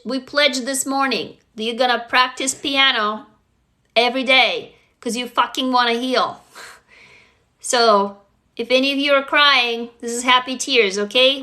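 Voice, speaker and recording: A woman's voice: sits high, pushed and bright. A woman hosting a motivational livestream, talking bluntly and emphatically to her viewers, swearing freely and urging them to commit. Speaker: livestream host.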